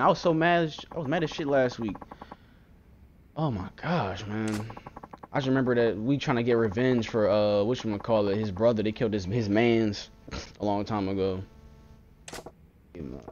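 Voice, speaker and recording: Excitable profane man ranting over a game. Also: medium pitch, muffled recording, a little hiss or hum. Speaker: gaming channel host. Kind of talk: let's-play gaming commentary. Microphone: close mic.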